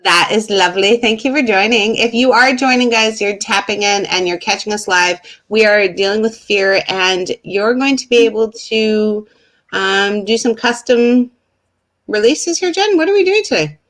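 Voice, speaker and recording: A woman's voice: medium pitch, normal speed, a bit bright. A woman from Canada co-hosting a live online talk, upbeat and friendly as she greets viewers and chimes in. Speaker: co-host.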